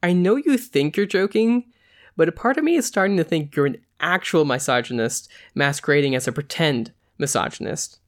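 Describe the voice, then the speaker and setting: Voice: lively intonation, moderate pace, lightly acted. A podcast host reading a story aloud, voicing a young actress in a raised, emphatic voice. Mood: exasperated. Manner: higher, emphatic. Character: young actress, sharp and exasperated.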